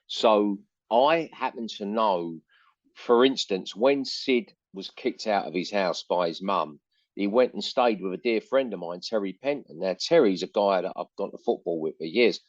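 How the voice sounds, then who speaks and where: An older man with an East London accent tells stories in a low, unhurried voice. He rambles and restarts, piling on "you know"s. The sound is dry and a little muffled. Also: expressive, no echo. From England. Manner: rambling anecdotes with frequent fillers and restarts. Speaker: interview guest, musician. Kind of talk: casual storytelling interview.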